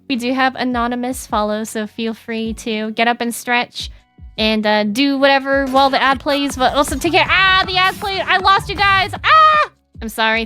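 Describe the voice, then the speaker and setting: Giggly young woman streamer, crisp dry voice. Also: on the high side, fairly bright tone, no echo. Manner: bubbly, giggly, rambling with many "like"s. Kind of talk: casual chat with stream chat.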